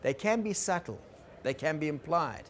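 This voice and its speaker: A man teaching about conflict in a gentle, explaining lecture style, checking in with his listeners. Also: fairly high pitch, sing-song, moderate pace, slight background noise. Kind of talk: recorded lecture.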